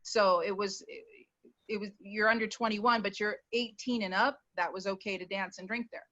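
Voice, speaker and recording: A woman's voice: medium pitch, fairly even intonation, moderate pace, sharp tone, dry recording, lo-fi sound. A woman comedian telling a story in casual chat, blunt and profane, laughing as she talks, over a video call. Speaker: comedian guest.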